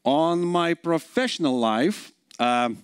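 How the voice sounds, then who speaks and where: A man's voice: on the high side, animated, slow, clear, resonant tone, no room sound. A man in his forties with a Lithuanian accent, giving a live conference talk, chatty and full of fillers, often quizzing the audience. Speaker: conference speaker.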